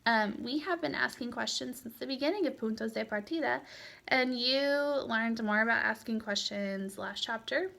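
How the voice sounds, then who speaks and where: A woman's voice: a little high, moderate pace, creaky, a bit bright. A woman teaching a Spanish lesson in a recorded lecture, explaining patiently with frequent fillers.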